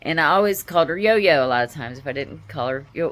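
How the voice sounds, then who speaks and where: A woman with a notably low voice talks straight to camera in a personal vlog. She speaks in a heartfelt, halting way, pausing and restarting as she tells her story. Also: animated. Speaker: vlogger.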